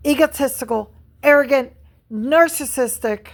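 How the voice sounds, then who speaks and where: A woman's voice: fairly high pitch, a little slow. Angry middle-aged woman ranting. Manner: angry, profane, repetitive venting. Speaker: vlogger. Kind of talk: ranting vlog monologue.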